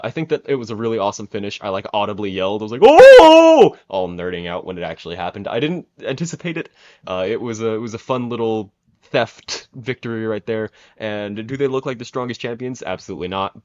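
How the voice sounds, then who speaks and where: Rambling lower-voiced young man reviewing. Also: muffled recording. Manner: rambling, many fillers and restarts. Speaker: wrestling reviewer. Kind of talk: casual spoken review.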